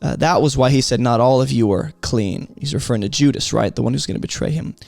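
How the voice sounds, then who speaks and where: A man walks through a Bible passage verse by verse, with a gravelly edge to his mid-pitched voice. He explains each point emphatically and keeps asking his listeners rhetorical questions. It is recorded close and dry, with faint music underneath. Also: fast, darkish tone, no echo. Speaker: Bible teacher.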